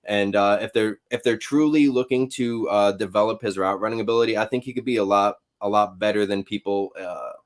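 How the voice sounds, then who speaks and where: A man giving measured, analytical commentary as a guest on a sports podcast, with frequent hesitations. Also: fairly low pitch, steady tone.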